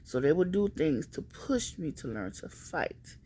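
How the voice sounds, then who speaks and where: A woman telling a personal story in a casual, animated and emphatic vlog style. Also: low voice, measured pace, slight background noise.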